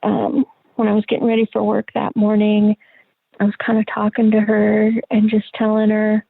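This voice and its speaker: A woman's voice: medium pitch, completely flat delivery, vocal fry, dry recording. Woman telling a story over a tinny line. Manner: halting, reflective, with many fillers. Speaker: interview guest. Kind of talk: personal storytelling in an interview. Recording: tinny phone-line sound.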